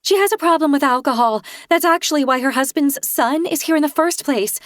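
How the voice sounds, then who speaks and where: A woman's voice: sits high, brisk, a bit bright, dry recording, studio quality, pitched above the performer's own voice. A woman narrator voicing a smug, sanctimonious woman who talks down to others with false sweetness. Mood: falsely sweet.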